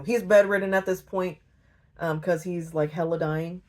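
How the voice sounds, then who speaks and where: A woman casually retelling a novel, slangy and joking, briefly acting out the characters' lines in quick voices. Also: lowish voice, steady tone, darkish tone. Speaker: book retelling video host. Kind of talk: casual comedic story retelling.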